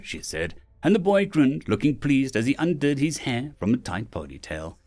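A man's voice: moderate pace, hardly any pauses. A man narrating a fantasy web novel as an audiobook, lifting his voice for the characters' lines. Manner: lively, raises pitch for character lines.

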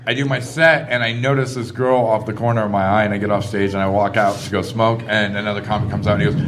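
A man's voice: fairly low pitch, level tone, quick pace, few pauses, a bit bright, slight background noise. A man, a comedian, telling stories from stand-up gigs in a casual, laid-back way on a live podcast.

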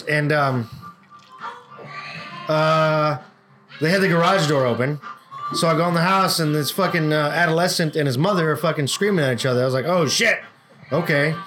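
A man's voice: on the high side, normal speed, pushed and bright, faint music behind. A man co-hosting a casual podcast, telling a work story with lots of swearing and acted-out quotes. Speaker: podcast co-host.

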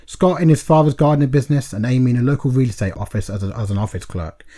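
A young man with a warm, dark voice co-hosts a podcast. He reads a story pitch in a laid-back way, laughing and saying mate often. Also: quick pace. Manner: laughs often, says mate a lot, relaxed. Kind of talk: casual chat and reading a story pitch.

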